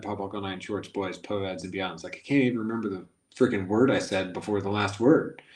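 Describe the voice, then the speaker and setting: A man's voice: fairly low pitch, a little mellow. A man hosting a casual guided self-help session, who talks in a playful, rambling, jokey way and repeats phrases. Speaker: host. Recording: echoey room.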